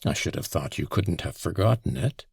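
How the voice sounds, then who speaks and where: A man reading an audiobook, voicing a calm male official who questions a suspect in a measured, pointed way. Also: deep voice, vocal fry, husky, no echo, studio quality, full character voice. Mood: probing.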